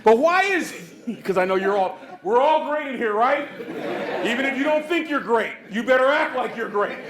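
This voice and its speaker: A man's voice: very high-pitched, lively intonation, normal speed, background noise. A man from the San Francisco Bay Area giving a motivational keynote to a live conference audience, preaching with call-and-response. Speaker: motivational speaker.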